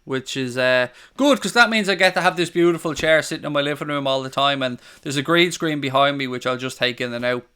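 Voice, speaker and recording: A man's voice: medium pitch, fairly quick, hardly any pauses, bright, forceful tone, clean tone. An Irish man hosting a casual live football stream from his living room, joking, swearing and reading out viewer comments on a studio mic. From Ireland. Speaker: football channel host. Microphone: studio condenser mic on a stand.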